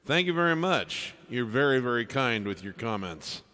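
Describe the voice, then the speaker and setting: Guy reading out chat requests on a live music stream, mid pitch, big reverby hall sound with music going. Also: very animated, normal speed. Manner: friendly, thanks viewers by name, trails off softly. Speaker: livestream piano performer reading chat requests. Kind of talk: casual livestream chat.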